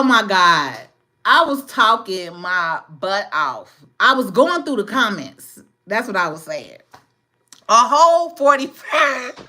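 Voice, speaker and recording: Woman hosting a phone livestream; casual and full of laughter, bright and lively. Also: medium pitch. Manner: laughing often, exclaiming. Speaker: livestream host. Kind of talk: casual livestream chat with viewers. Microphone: phone camera.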